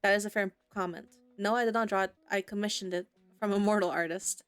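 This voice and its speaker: A woman's voice: medium pitch, steady tone, fast talker, smooth, dry recording, faint music behind, close to an everyday voice. A woman voicing an aloof male Grim Reaper who speaks in stiff, formal sentences.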